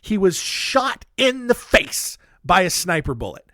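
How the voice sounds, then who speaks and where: A male podcast host tells history stories in a loose, rambling way, full of fillers and joking asides. His somewhat high voice swings up and down a great deal. He is recorded close on a dry studio microphone. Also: sing-song, a little slow, bright, forceful tone, dry recording. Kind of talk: casual history storytelling.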